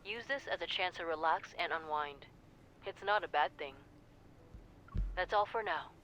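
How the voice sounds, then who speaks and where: An actor playing a calm, protective captain of a hunters' group in a video game, speaking in a steady, reassuring way. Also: medium pitch, normal speed, dull audio, slight background noise, close to an everyday voice. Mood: concerned.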